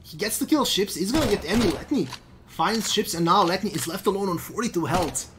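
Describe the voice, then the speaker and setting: A woman's voice: medium pitch, a little fast. Chatty woman casting esports. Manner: chatty, excitable, repeats herself. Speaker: esports commentator. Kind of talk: play-by-play commentary. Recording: steady background noise with clicks.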